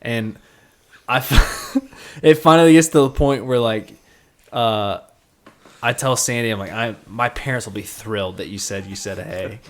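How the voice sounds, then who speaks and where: A man's voice: lowish voice, unhurried. Tipsy, rambling young man telling a story. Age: 20s. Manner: rambling, profane, laughing at his own story. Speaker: podcast co-host. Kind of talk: casual storytelling.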